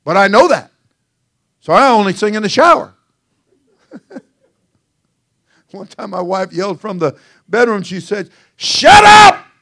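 A man preaching a sermon to his congregation as senior pastor. His voice sits a little higher than most men's. He talks in a folksy, joking way, often laughing and exclaiming. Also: creaky, fairly bright tone.

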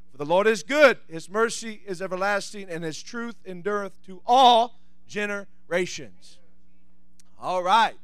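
A pastor with a notably high male voice delivers a sermon, reading scripture softly before building to loud, shouted praise. The sound is dry and close, with no room echo. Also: clean tone.

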